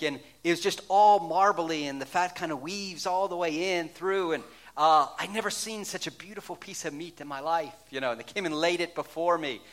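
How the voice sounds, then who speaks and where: A man preaching a sermon, telling a story in a lively way and later speaking in a soft, hushed tone. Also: fairly high pitch. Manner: animated storytelling, dropping to a hushed, soft delivery toward the close. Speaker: pastor.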